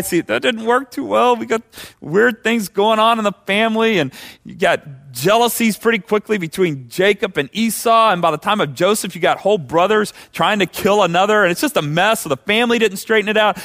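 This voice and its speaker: A man's voice: high-pitched, brisk, a bit bright. A man preaching a sermon as pastor, conversational, with many rhetorical questions.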